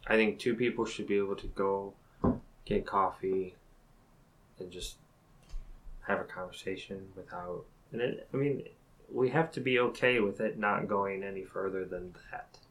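A man's voice: sits low, fairly even intonation, normal speed, a bit bright, low-quality recording. A man co-hosting a casual podcast chat, talking earnestly and thinking aloud. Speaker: podcast co-host.

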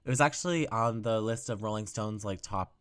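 A man's voice: lowish voice, a little fast, smooth. A man hosting a solo music podcast, chatting casually with lots of fillers and jokes at his own expense. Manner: chatty and self-mocking, many fillers, swoops up when excited. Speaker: podcast host.

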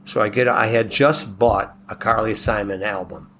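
A man from Buffalo telling a long personal anecdote in a relaxed, rambling way, acting out the quoted dialogue as he goes. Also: on the low side, normal speed, slight background noise. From Buffalo, New York. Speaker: guest telling a personal story.

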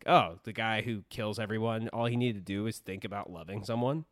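A man's voice: lowish voice, steady tone, brisk, no echo, studio quality. A man co-hosting a casual movie review chat, exasperated and profane, breaking into laughs. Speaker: movie review podcast co-host.

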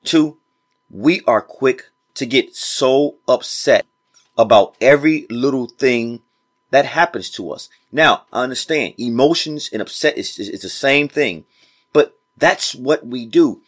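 Man, podcast host, motivational monologue, casual informal speech, preachy, repeats phrases, middle pitch. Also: a little slow. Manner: preachy, repeats phrases, addresses listeners directly.

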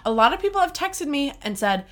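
A woman co-hosting a casual pop-culture podcast, talking in a sarcastic, animated way and swearing freely. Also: sits high, brisk. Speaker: podcast co-host.

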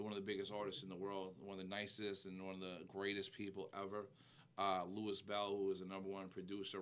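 A man's voice: low voice, fairly bright tone, clean tone. A man from New York with a New York accent, a music manager talking casually and enthusiastically, full of fillers. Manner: enthusiastic, repeats "incredible", many fillers. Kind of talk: casual interview talk.

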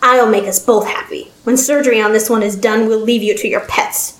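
A woman's voice: a little high, fairly even intonation, a little fast, lightly acted. A woman reading a story, voicing an arrogant, domineering baron scientist who speaks in a haughty, commanding way. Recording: roomy echo.

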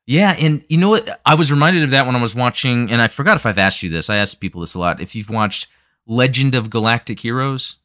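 Fast-talking man hosting a chat show. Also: medium pitch, lively intonation, sharp tone, no echo, clean studio sound. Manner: fast, rambling, many fillers. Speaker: podcast host. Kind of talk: casual chat.

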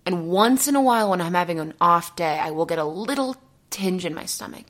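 This young woman, a podcast host and coach, delivers a rambling, earnest solo monologue peppered with "okay?" and nervous giggles. Her voice is fairly low-pitched with a sharp tone.

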